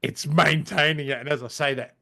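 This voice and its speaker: A man in his forties, a podcast guest telling stories in casual chat, animated, swearing casually and saying "mate" and "right?". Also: a little high, fairly quick, creaky. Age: 40s.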